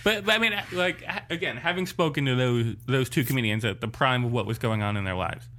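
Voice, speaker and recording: A man hosting a casual podcast in a bright, forceful voice. He asks probing questions and wanders through his own thoughts. His talk is loose and full of restarts. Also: medium pitch, lively intonation, a little fast. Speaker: podcast host.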